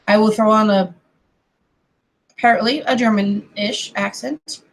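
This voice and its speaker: A woman talks her way through a drawing session, slow and unhurried, with a gravelly, fry-touched voice. She rambles between topics and drops self-deprecating apologies. Her words often fade into quiet murmurs as she concentrates. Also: mid-range voice, steady tone, low-quality recording. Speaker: digital artist streaming her drawing. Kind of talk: casual commentary while drawing.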